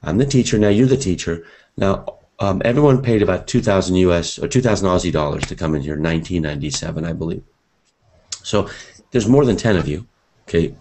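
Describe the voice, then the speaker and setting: A seminar teacher with a very low, mellow voice leads a live session before a room of students. He speaks fairly quickly and with energy, addressing his listeners directly in a loose, conversational style, with slight background noise.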